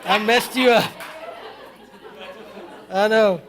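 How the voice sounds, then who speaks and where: A man preaching in a church with a strikingly high, bright and ringing voice. He is fervent, rising to shouts and then dropping into a hushed storyteller's tone. He leads the congregation in call-and-response. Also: steady tone, very slow, a faint crowd. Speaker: pastor. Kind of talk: sermon. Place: church sanctuary.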